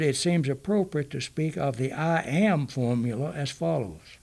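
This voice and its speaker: A man reading a Bible study text aloud in a measured, deliberate way, pausing to cite chapter and verse. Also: on the high side, gravelly, a little mellow.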